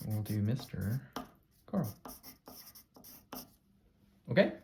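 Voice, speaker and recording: A man teacher giving a calm, step-by-step classroom craft demonstration, repeating his cues. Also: fairly low pitch, extremely slow, creaky, noisy background.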